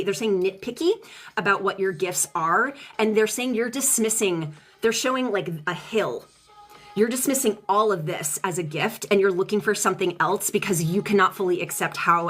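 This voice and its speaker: A woman from Colorado doing a casual live-stream channeling session as a tarot reader, chatty and fast, swearing freely and greeting viewers in the chat. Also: medium pitch, fairly bright tone. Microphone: streaming setup.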